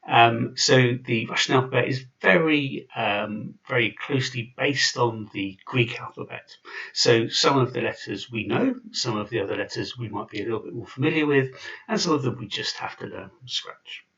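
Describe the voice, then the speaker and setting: A man's voice: medium pitch, a bit bright, far from the mic, lo-fi sound. A man giving an informal video lesson, chatty and full of fillers and restarts. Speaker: language teacher.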